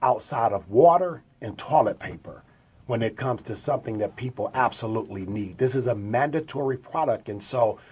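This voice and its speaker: A husky-voiced middle-aged man speaks as a guest in a radio studio. He lays out his business pitch in a steady, earnest, explanatory way. His tone is mid-pitched and slightly rough. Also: normal speed, lo-fi sound. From St. Louis. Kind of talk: radio interview.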